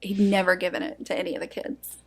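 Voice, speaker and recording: A woman's voice: fairly low pitch, level tone, fast, slightly rough. A woman co-hosting a true-crime podcast in casual chat, emotional and outspoken, with the odd curse word. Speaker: podcast co-host.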